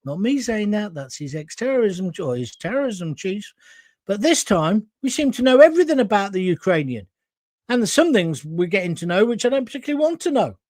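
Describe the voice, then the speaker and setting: A high-pitched man hosts a ranting political livestream and talks straight to his audience. He is blunt and combative, and sounds dry and close with no room echo. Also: big pitch swings, brisk, darkish tone. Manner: blunt, combative, addresses viewers directly. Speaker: livestream host.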